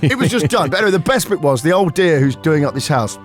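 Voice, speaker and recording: A man in a radio studio, talking on air with a lively, swooping voice that sits fairly high. He jokes and tells animated stories at a studio mic, and soft music plays under him. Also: fast talker. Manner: animated, joking storyteller. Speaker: radio host. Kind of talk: jokey breakfast radio chat. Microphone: studio microphone.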